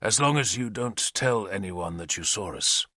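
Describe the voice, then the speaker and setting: A calm, gallant warlord who speaks low and quietly, as a male narrator reads him. The voice stays steady and measured, close and dry with no room sound. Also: no echo.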